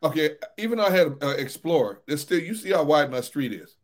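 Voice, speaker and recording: A man's voice: a little high, brisk. Middle-aged man telling stories on sports talk. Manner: relaxed storyteller, chuckles often. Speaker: sports radio co-host. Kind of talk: casual chat.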